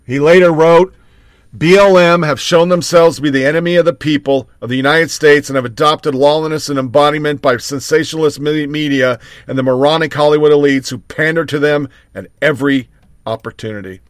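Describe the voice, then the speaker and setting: A man's voice: fairly high pitch, brisk, dry recording, studio quality. A man hosting a talk show, reading news items aloud with sarcastic commentary. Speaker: show host.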